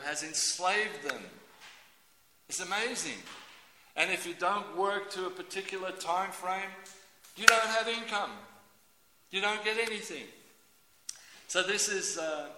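A man preaching a sermon in a lively, theatrical way, acting out everyday scenes with voices. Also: high voice, slight background noise. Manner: animated, acts out scenes with voices. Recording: echoey hall.

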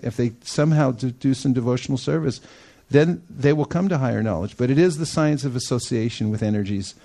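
A man giving a storytelling sermon, animated, acting out the people he quotes and laughing often. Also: mid-range voice, gravelly. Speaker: devotional speaker.

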